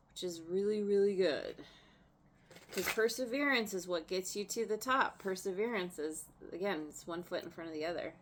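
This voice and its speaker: A woman's voice: mid-range voice, a little hiss or hum. A woman doing a casual tarot reading, chatty and laughing often, trailing off and restarting her sentences as she turns cards. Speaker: tarot reader.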